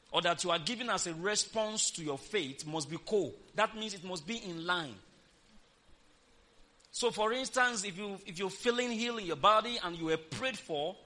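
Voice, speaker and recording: A male preacher delivers a sermon in a high, bright voice. He preaches with emphasis and keeps calling on his listeners to repeat after him and say amen. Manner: emphatic, calls for congregation responses.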